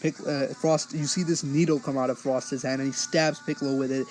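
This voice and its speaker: A man's voice: medium pitch, little pitch movement, fairly quick, a little mellow, slight background noise, low-quality recording. A man giving a casual spoken episode review, rambling along with many fillers and restarts.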